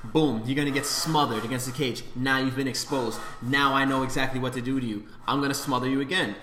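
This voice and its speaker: A man co-hosting a podcast, telling stories in casual, profane, animated chat. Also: mid-range voice, a little fast, few pauses. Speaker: podcast co-host. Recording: echoey room with faint noise.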